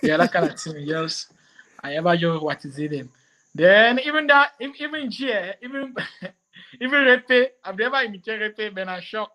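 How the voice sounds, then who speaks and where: A man, a comedian chatting in an interview, animated and quick to slip into French. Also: high voice. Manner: animated, switches into French and mimicry. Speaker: comedian guest. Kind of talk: casual interview chat.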